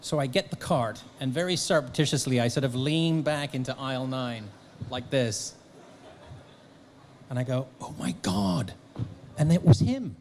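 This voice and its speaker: A middle-aged man telling an animated anecdote as a guest at a fan press conference. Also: medium pitch, moderate pace, a little hiss or hum. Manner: animated storyteller, slips into voices for the people he quotes. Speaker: actor and author guest.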